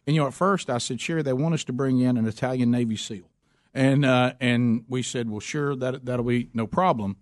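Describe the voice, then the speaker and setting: A man's voice: medium pitch, moderate pace, dry recording. A man with a Southern US accent hosting a casual chat, telling stories in a rambling, folksy way and laughing often. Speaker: host.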